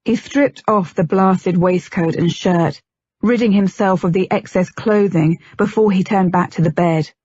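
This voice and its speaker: Husky woman narrating an audiobook. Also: on the low side, measured pace, darkish tone, dry recording. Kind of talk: scripted narration. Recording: dull lo-fi, dry.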